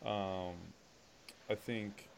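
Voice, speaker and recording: A man's voice: on the low side, level tone, very slow. A man hosting a casual podcast chat, telling stories and leading the talk. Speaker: podcast host. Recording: clear background noise.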